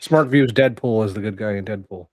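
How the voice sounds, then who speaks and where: A man's voice: on the low side, brisk, no echo, clean studio sound. A man co-hosting a casual movie review podcast, chiming in with short joking remarks. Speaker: podcast co-host.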